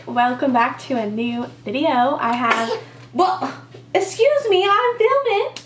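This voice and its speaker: A young woman talks to her camera in a loose, rambling way, full of fillers. Her voice sits high, and the recording is roomy and echoey, as if the mic were set back from her. A faint hiss of background noise runs underneath. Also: a bit bright, far from the mic. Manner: chatty, rambling, many fillers. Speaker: vlogger. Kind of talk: casual mommy vlog.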